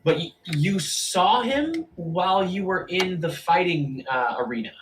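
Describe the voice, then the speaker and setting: A man running a tabletop game as game master, narrating casually with many pauses and fillers. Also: high-pitched, lively intonation, a little hiss or hum, rough recording.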